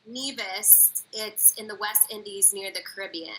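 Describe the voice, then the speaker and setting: A woman's voice: medium pitch, steady tone, a little slow, bright, forceful tone, a little hiss or hum, poor audio. A woman from Minnesota answering interview questions casually, with lots of "like" and "um". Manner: casual, frequent "like" and "um" fillers, short answers. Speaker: interview guest, agency executive.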